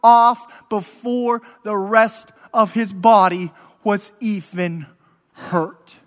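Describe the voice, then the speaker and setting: A man preaches in a slow, deliberate cadence, his voice very high and bright. He builds to impassioned emphasis, and a long reverb from a large hall trails each phrase. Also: steady tone. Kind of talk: sermon storytelling.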